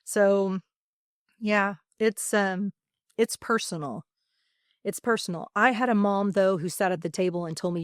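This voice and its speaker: A woman who teaches high school theatre, speaking earnestly and emphatically in a podcast interview, with many fillers and pauses. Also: dry recording, clean studio sound. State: emotional.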